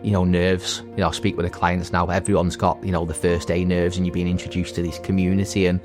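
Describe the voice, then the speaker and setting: Deep, flat-voiced man giving earnest testimony. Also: over music. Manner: earnest, halting, with many restarts. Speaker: veteran and recovery centre graduate and staff member. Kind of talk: personal testimony.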